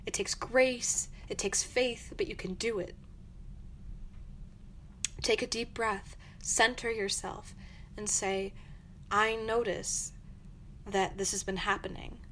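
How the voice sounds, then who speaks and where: A woman's voice: a little high, a little slow, fairly bright tone, slight background noise. A young woman hosting her own podcast, giving earnest, encouraging advice in a reflective monologue. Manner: earnest, encouraging, acts out angry quotes. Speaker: podcast host.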